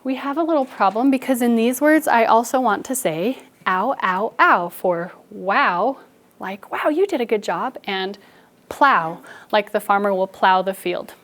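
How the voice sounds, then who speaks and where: A young woman teaching an elementary phonics lesson in a classroom, telling stories and coaxing the students along in a lively, playful way. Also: mid-range voice, unhurried. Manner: animated storytelling, playful and expressive with students.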